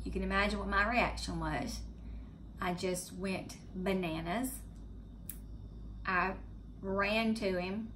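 A middle-aged woman with a Southern US accent telling a story to her viewers in a chatty, animated way. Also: mid-range voice, takes it slowly, pauses often, slight background noise. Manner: chatty, animated retelling of a scary event. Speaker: vlogger. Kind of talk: casual storytelling to camera. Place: home, indoors.

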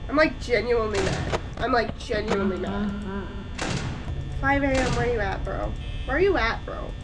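A woman's voice: fairly high pitch, moderate pace, noisy background. A woman gaming YouTuber doing let's play commentary, dramatic and exasperated, talking to her viewers. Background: video game music.

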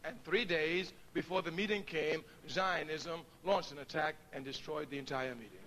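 A man's voice: on the high side, moderate pace, fairly bright tone, a little hiss or hum, low-quality recording. A middle-aged man giving a public speech to an audience, telling stories, laughing often and acting out the voices of people he quotes. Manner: storytelling, laughs often, acts out quoted dialogue. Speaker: speaker addressing an audience.

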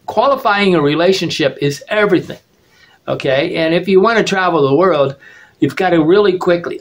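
A man from the United States talking in a casual monologue as a travel vlogger. He is opinionated and rambling, restarts often and keeps checking in with "okay?". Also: fairly high pitch.

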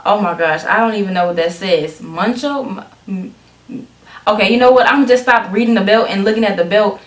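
A woman reacts to a music video for her viewers in a chatty, excitable way, speaking straight to them and often stumbling into restarts. Her voice sits at an ordinary middle pitch, and the room around her sounds echoey. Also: brisk. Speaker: reaction vlogger. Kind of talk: casual chatty video commentary.

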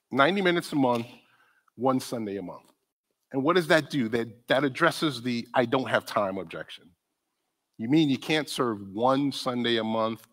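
A man giving a conference talk on church ministry, conversational and animated, often asking the audience questions. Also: mid-range voice. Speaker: conference speaker on disability ministry. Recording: long hall reverb.

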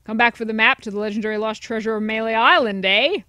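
A woman's voice: on the high side, fast talker, pushed and bright, no echo, clean studio sound. A woman doing a smug, shady townsman. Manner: smug, dismissive. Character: smug shady male town citizen selling a map. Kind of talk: game dialogue read aloud.

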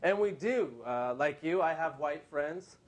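Male stand-up comic, thirties, slightly high voice, dry self-deprecating delivery on a studio stage. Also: unhurried. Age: 30s. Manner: deadpan, self-mocking punchlines with put-on quoted voices. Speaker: stand-up comedian. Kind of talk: stand-up comedy set.

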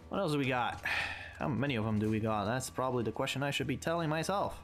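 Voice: medium pitch, fast, faint music behind. A gamer giving casual, playful commentary during a let's play, swearing a lot and taunting the enemies on screen. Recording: game sounds behind voice.

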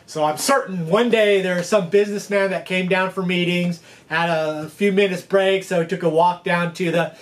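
A man's voice: high-pitched, steady tone, moderate pace, hardly any pauses. A man hosting a fishing channel, telling history as a casual, rambling lesson and checking in with his listeners. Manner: chatty, rambling, checks in with "okay?". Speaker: fishing guide and channel host.

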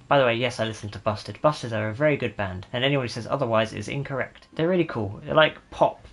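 Over background music, a gaming YouTuber with a lowish voice talks fast, tossing out sarcastic, jokey remarks as he plays a video game. He's chatting both to himself and to his viewers in a casual commentary style.

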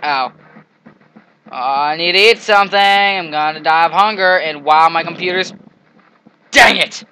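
In this let's play, a gamer narrates his own gameplay in a high, bright voice with a gravelly edge, pausing between words at a measured pace. He lets out excitable shouts and playfully taunts the enemies. The recording is rough, with slight background noise.

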